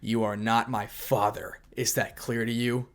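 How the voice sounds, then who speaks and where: A man's voice: medium pitch, flat delivery, measured pace, close to an everyday voice. Man narrator doing scornful young man, icy menace, own voice. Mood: cold scorn. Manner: venomous, growling threats.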